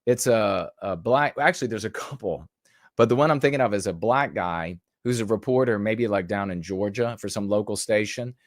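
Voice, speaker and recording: A man's voice: on the low side, moderate pace, no echo. Man, podcast host, rambling, sarcastic, dry recording. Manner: rambling and sarcastic, mimics people mockingly. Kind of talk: casual political commentary.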